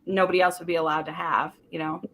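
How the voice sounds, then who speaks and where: This woman hosts a casual book discussion over a live stream. Her voice is bright and forceful, her talk animated and loose. A faint hum of room noise sits behind her. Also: lowish voice, poor audio. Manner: animated, talks in quick runs with many "like"s. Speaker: book club host.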